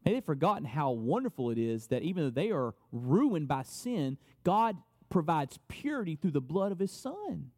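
A man with a high voice preaches a sermon, leaning hard on key phrases and saying them twice. His voice rings out with a long, lingering reverb, as if he stands in a large hall. He talks to the room as its pastor. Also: very animated, dark tone. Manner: emphatic, repeats key phrases, quick asides.

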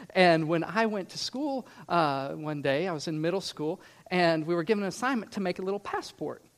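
A man who grew up in Scotland, preaching a sermon in an earnest, emphatic way and asking the listeners rhetorical questions. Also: on the high side. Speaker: pastor.

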